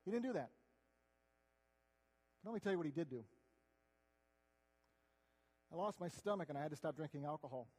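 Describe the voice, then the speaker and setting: Male preacher, earnest and conversational, high voice, reverberant hall. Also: expressive, fairly quick, long pauses. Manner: earnest, conversational, swings between loud and hushed. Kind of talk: sermon.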